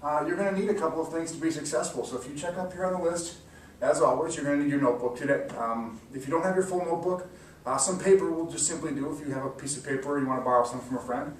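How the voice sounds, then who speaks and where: A man giving an encouraging mock classroom lesson, slowly sounding out words for students. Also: a little high. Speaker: teacher. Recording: echoey room, distant mic, faint hiss.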